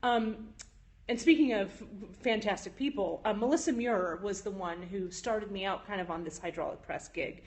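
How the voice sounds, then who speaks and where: A woman's voice: mid-range voice, normal speed. Chatty woman livestreaming from her bench. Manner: chatty, with frequent "um"s, reads and answers viewer chat. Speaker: jewelry maker hosting a livestream. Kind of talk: casual live-stream chat. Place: home jewelry studio. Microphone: phone.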